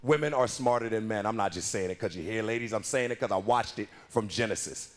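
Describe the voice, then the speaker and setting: A male stand-up comedian in his thirties telling profane, animated stories about his daughters on a club stage. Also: fairly low pitch, fast talker, slight background noise. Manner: profane, animated storytelling with voices.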